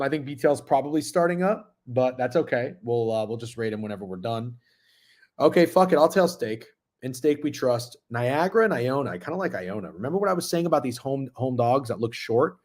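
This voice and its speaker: A man's voice: medium pitch, darkish tone. A man in his thirties hosting a sports betting stream, chatting casually and profanely while reading chat messages. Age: 30s. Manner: profane, rambling, talks with mouth full at times. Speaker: sports betting show host.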